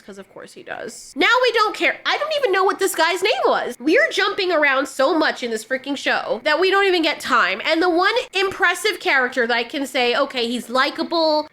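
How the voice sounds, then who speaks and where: A woman's voice: high-pitched, sharp tone. A woman reviewing a TV show in casual commentary, ranting sarcastically with exasperation.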